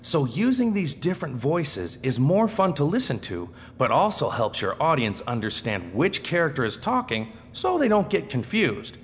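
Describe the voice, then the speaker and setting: A man teaching how to tell stories, demonstrating with his voice as he goes, from fast and excited to slow and hushed. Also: a little high. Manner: expressive, shifting between fast excited and slow hushed delivery. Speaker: storytelling teacher. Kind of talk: instructional talk with dramatic demonstrations. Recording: echoey hall with faint noise.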